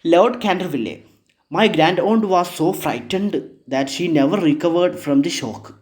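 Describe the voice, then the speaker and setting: A man's voice: on the high side, a little slow, a little mellow. A man teaching a story, reading lines and explaining them in simple words, with many fillers and restarts. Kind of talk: explaining a play line by line.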